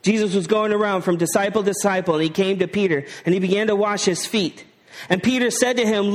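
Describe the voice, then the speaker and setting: High-voiced conversational male preacher. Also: brisk, big-room sound. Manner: conversational preaching, asks rhetorical questions and slips into slang. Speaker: pastor. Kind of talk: sermon.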